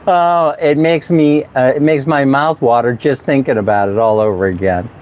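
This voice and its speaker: A man's voice: medium pitch, normal speed. A man talking casually in a travel vlog, chatty and laughing often as he tells stories. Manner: chatty, laughs often, mimics people for fun. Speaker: travel vlogger. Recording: slightly dull outdoor recording.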